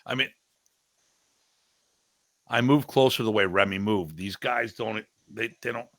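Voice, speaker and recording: A middle-aged man with a low, gravelly voice and a bright, forceful edge. He talks in an animated, storytelling way, slipping into impressions of other people. The sound is dry and close. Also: measured pace, no room sound. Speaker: martial arts instructor and guest. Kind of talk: casual podcast discussion.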